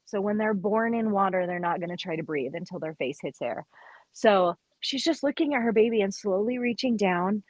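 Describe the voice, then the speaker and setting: A woman who works as a midwife, chatting on a podcast and telling stories in an animated way, acting out what people said. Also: medium pitch, moderate pace, no echo, rough recording. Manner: animated storyteller, quotes people in lively voices. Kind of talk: casual chat.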